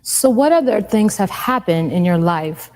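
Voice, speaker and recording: A woman's voice: medium pitch, lively intonation, measured pace. A woman hosting and interviewing a guest, giving brief affirming responses. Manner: warm listening sounds, brief affirmations. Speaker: host and interviewer. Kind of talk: casual interview.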